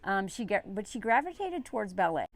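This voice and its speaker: A woman reads an article aloud and reacts to it in a sarcastic, exasperated tone. Her voice is lively and swings up and down in pitch as she talks casually and directly to her viewers. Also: a little fast, dry recording. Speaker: commentator.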